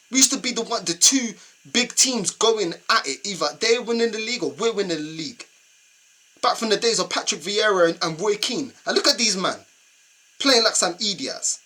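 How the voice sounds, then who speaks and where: Young London man for a fan reaction rant: bright, forceful tone, exasperated and repetitive. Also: sits high, animated, normal speed. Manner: exasperated ranting, slangy and repetitive. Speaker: football fan channel host.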